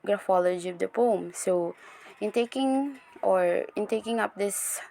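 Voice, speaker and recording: A woman's voice: mid-range voice, unhurried, gravelly, dark tone, a little hiss or hum. A young woman giving a recorded class presentation, explaining step by step with frequent restarts and fillers. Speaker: student presenter.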